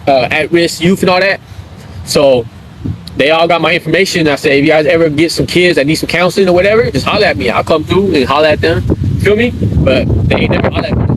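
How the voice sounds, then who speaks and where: A man's voice: fairly high pitch, noisy background. A man streaming live, telling a personal story in casual street slang and often checking in with his listeners. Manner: street slang, keeps checking in with "right?" and "you feel me?".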